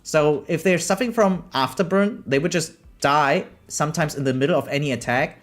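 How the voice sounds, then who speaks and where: A man's voice: fairly high pitch, brisk, faint music behind. A man from Germany with a German accent, streaming a game live and chatting casually with his viewers, laughing often as he answers chat.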